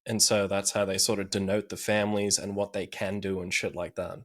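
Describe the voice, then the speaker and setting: A man's voice: deep voice, a little fast. Laughing, swearing young man. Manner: laughs often, swears casually, animated retelling. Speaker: podcast regular recapping anime. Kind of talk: casual podcast chat.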